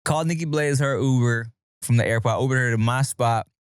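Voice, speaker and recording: A man's voice: medium pitch, fast, clean tone, dry recording, studio quality. A man hosting a podcast, telling a story in casual chat with slang and swearing. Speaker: podcast host.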